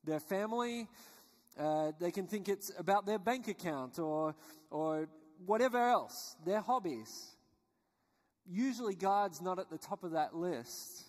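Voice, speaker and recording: High-voiced man preaching in a reverberant hall. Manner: earnest, conversational preaching with small restarts. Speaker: guest preacher. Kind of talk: sermon. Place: church sanctuary.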